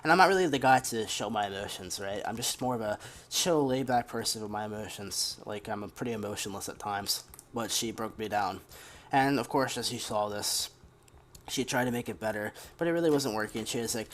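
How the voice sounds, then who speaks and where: A man's voice: on the low side, fairly quick, a bit bright, a little hiss or hum. Young man venting a rambling story. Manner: rambling, venting, casual cursing. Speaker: gaming commentator. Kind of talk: casual storytime over gameplay.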